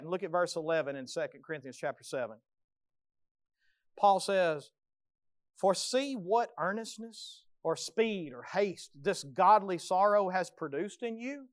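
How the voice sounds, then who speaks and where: A pastor preaching a sermon with passion, swinging between loud pleading and hushed intensity. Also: male voice, sits high, no room sound, clean studio sound.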